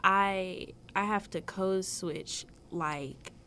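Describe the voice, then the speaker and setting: A young woman, telling lively work anecdotes in a casual group chat on a radio show. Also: mid-range voice, extremely slow, a little hiss or hum. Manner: animated storyteller, acts out voices in anecdotes. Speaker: radio discussion guest.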